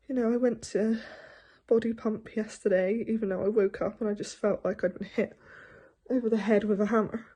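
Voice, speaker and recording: A young woman with a sore throat talking candidly into her video diary, halting and often hushed. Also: mid-range voice, husky. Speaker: vlogger.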